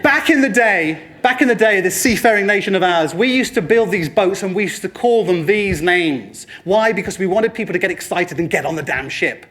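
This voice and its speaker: A man giving a lively motivational presentation to a room, addressing the audience and slipping into other people's voices for quoted lines. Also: high-pitched, moderate pace, hardly any pauses. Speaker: speaker at a training talk.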